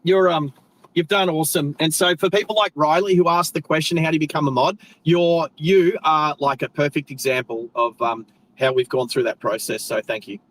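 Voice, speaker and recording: Chatty Australian man, fairly high voice. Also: steady tone, normal speed, a bit bright, poor audio. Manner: rambling, chatty, self-correcting, friendly slang. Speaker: live stream host. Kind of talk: casual live stream chat while driving.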